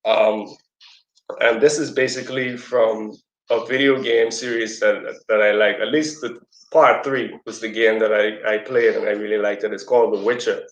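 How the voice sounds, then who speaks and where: A man giving a casual teaching talk to a community audience, telling a story in a loose conversational way. He sometimes acts out quoted voices in a squeaky high pitch. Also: steady tone, moderate pace. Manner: conversational, loose, with fillers and asides. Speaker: speaker at a community presentation. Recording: roomy echo.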